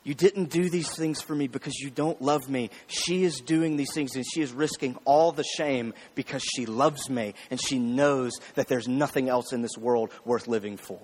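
A man's voice: medium pitch, moderate pace, few pauses, a little mellow, in a large hall, slight background noise. A man preaching a sermon, talking to the congregation in a conversational way. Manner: conversational preaching, addressing the crowd with "y'all". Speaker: pastor.

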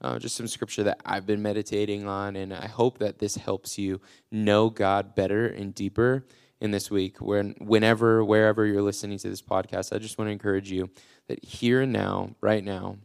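A man delivers a short devotional sermon into a close podcast mic, his lowish voice gravelly at the edges but smooth and resonant. He speaks earnestly and encouragingly, with plenty of uh's, and slows right down to stress the key lines. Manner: many filler "uh"s and restarts. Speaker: youth pastor.

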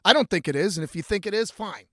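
Profane high-voiced man telling a story. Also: fast talker, no echo, studio quality. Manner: profane, animated, acts out quotes.

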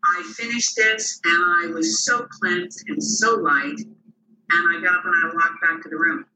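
A little slow, with soft music in the background, an interview guest tells personal stories in a mid-range voice. He's animated, acting out the voices of the people he describes, in a roomy, distant recording.

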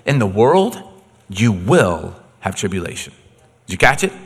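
A man's voice: on the low side, a little slow, husky, big-room sound. A man preaching a sermon, telling stories and acting out quotes with jokes along the way. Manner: animated storytelling, acts out quotes, joking. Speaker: pastor.

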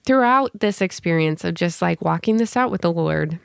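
A woman hosting a casual faith conversation over a video call, speaking reflectively and asking gentle questions. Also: lowish voice, expressive, normal speed, gravelly, clean tone, no echo, clean studio sound.

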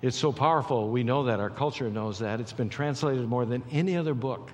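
A man preaching a sermon as pastor, swinging between hushed, slow lines and loud, excited bursts. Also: mid-range voice, slight background noise. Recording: long hall reverb.

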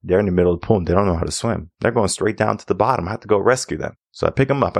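Deep gravelly man, earnest coaching talk. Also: rapid-fire, hardly any pauses, no echo, studio quality. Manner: earnest, repetitive, acts out dialogue with a higher voice. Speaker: mindset coach, podcast host. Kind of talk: solo podcast storytelling.

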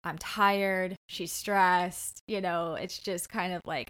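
A woman's voice: medium pitch, measured pace, few pauses, a bit bright. A woman co-hosting a casual marriage podcast, talking in an earnest, reflective way. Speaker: podcast co-host.

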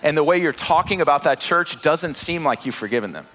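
A man's voice: fairly high pitch, lively intonation, a little fast, a bit bright. A man in his thirties preaching a sermon, earnest, repeating words and rising in emphasis. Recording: long hall reverb.

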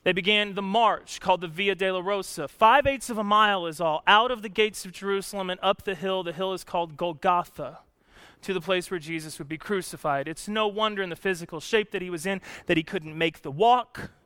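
A male pastor preaching a sermon, telling the story with drama and swinging from loud emphasis to hushed, somber lines. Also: high voice, brisk, smooth, no echo.

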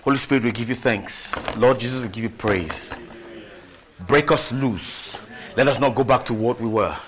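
A man's voice: medium pitch, normal speed, a bit bright. A man preaching a sermon, emphatic, repeating phrases and calling out hallelujah.

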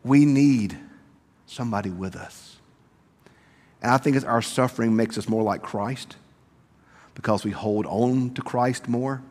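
A pastor delivering a sermon, moving between hushed, tender passages and loud, rising preaching. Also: male voice, lowish voice. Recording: reverberant church hall.

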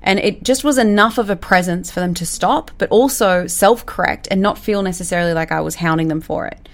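Woman, business coach, lowish voice, direct, animated casual advice talk. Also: a little fast. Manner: direct and animated, acts out quoted lines. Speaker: business coach and recruitment firm owner.

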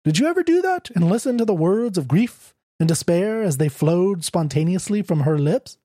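Pompous editor read by a man, speechifies, mellow voice, dry recording. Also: high-pitched, big pitch swings, moderate pace, no room sound. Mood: lofty. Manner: lofty, oratorical. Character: pompous, self-assured male magazine editor.

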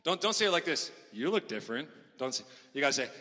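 A middle-aged man preaching a sermon as a pastor, telling stories with big swings in loudness. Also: fairly high pitch, very animated, quick pace. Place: large church hall. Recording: long hall reverb.

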